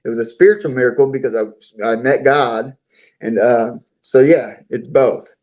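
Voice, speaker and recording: A man's voice: mid-range voice, moderate pace, darkish tone, highs cut off. Earnest talkative man telling his story. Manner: earnest, talkative, repeats himself. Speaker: interview guest. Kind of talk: casual interview storytelling.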